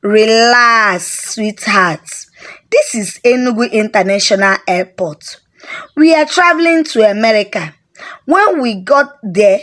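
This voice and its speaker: A woman doing a cunning smooth-talking father. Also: a little high, animated, slow, a bit bright. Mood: coaxing. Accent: Nigerian. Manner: coaxing, sly reassurance.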